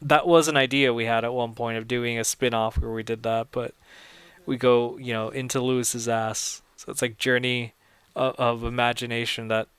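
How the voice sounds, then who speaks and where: A man's voice: mid-range voice, flat delivery, normal speed, a bit bright, clean tone, no room sound. A young man giving casual audio commentary on his own film, rambling and chatty, often laughing at his own jokes.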